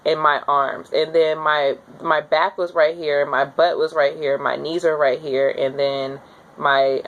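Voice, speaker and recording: Young woman animatedly telling her birth story. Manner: animated, acts out her own screams in a high voice. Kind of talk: casual storytelling to camera.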